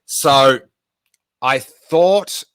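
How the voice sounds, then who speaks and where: A man's voice: mid-range voice, drawn-out words, a bit bright. A man, hosting a live stream Q&A and telling a rambling anecdote full of fillers. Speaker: podcast host.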